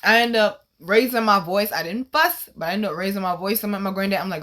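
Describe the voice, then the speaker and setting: Animated, bright-voiced woman storyteller. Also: medium pitch, fast, hardly any pauses. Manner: animated, profane, swings to loud exclaims. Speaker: host. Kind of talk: casual storytelling monologue.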